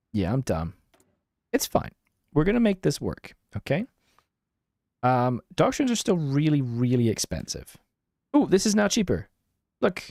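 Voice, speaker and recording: A young male game streamer with a slightly high, gravelly, darkish voice chats away self-deprecatingly, reading and answering his viewers. The audio is dry and booth-like, without echo.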